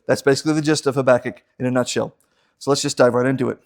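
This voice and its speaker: A man's voice: medium pitch, steady tone, racing. A man teaching a casual Bible class in a church, joking and acting out the people he quotes. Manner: joking, acts out quoted voices.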